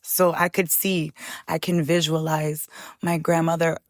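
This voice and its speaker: An older woman in an interview, a chef and author speaking in a heartfelt, halting way, close to tears at moments. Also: low-pitched, flat delivery, no room sound. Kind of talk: emotional interview conversation.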